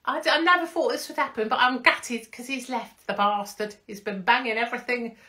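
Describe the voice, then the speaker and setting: A woman's voice: fairly high pitch, fairly quick, bright, forceful tone, pitched above the performer's own voice. A woman mockingly impersonating a self-pitying young woman, gushing and whiny.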